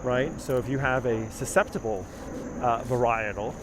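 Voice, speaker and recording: A man's voice: mid-range voice, normal speed. A man guiding a live-streamed garden walking tour outdoors, chatting casually and reading viewer comments aloud. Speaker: tour guide. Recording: outdoor live stream with clear background noise.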